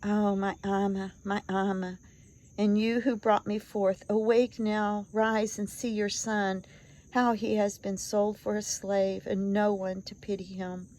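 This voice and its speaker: A woman's voice: mid-range voice, level tone, a little slow, a little mellow, lightly acted. A woman voicing a grieving young man who cries and pleads at his mother's grave in a storybook reading. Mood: pleading lament. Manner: pleading, tearful, lamenting.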